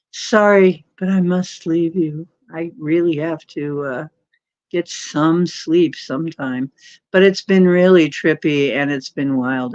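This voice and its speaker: A woman with a deep, darkish voice hosts a casual late-night livestream, rambling, mocking and laughing often. The stream audio is dull and lo-fi, with no room sound.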